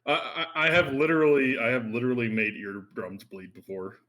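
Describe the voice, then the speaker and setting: A man with a deep, loud voice chatting casually and crudely with friends before a tabletop game session. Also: fairly even intonation, normal speed. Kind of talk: casual pre-game chat.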